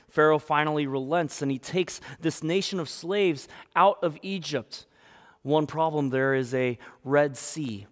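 A man's voice: on the high side, fairly even intonation, unhurried, big-room sound. A man from the United States preaching a sermon, telling a story and acting out the voices. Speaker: pastor.

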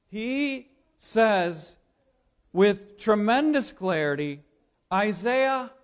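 A pastor delivers a dramatic sermon in a high voice, shifting between loud proclamations and near-whispers. He laughs lightly along the way.

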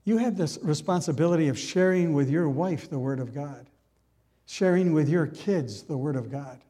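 A man's voice: on the high side, normal speed, mellow. A middle-aged male pastor preaching a sermon to a congregation, often asking them questions. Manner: asks the congregation many questions. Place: church sanctuary. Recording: long hall reverb.

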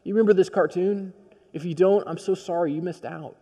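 A male pastor preaching a sermon, telling a story in a personal, conversational way that swings from quiet to emphatic. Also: high voice, a little fast, in a large hall.

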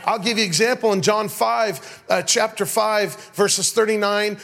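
A middle-aged pastor delivers a sermon in his church sanctuary, telling funny stories and trading call-and-response with the congregation. His voice is high-pitched, creaky and a bit bright, with fairly even intonation at a normal speed.

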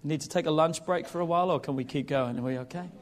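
A man in his thirties delivering a sermon with a notably high voice. He talks directly to the congregation, breaking off for playful asides before pressing his point. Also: fast. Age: 30s. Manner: lively, jokey asides to the congregation. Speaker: preacher.

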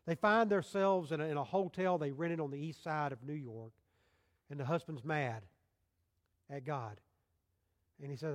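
A male pastor delivering a sermon, booming out scripture quotes and then dropping to soft, low appeals to his listeners. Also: moderate pace, long pauses. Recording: long hall reverb.

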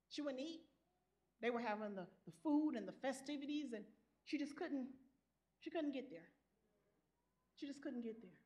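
A woman preacher delivering an impassioned sermon, swinging from soft, low passages to loud, rising calls. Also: animated, normal speed, pauses often.

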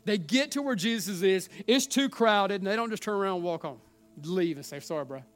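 A middle-aged man with a South Carolina Southern accent preaching a sermon as pastor, swinging between loud urging and hushed, near-whispered lines and often repeating "listen.". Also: high voice, expressive, fairly quick, soft background music.

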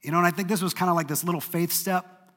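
A man preaching a sermon, telling a story earnestly, sometimes brisk and sometimes dropping to a hush. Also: high-pitched, fairly even intonation, in a large hall. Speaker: pastor.

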